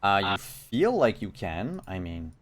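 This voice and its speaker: A man narrating as game master of a tabletop game, measured and thinking aloud with frequent ums. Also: low voice, big pitch swings, fairly bright tone.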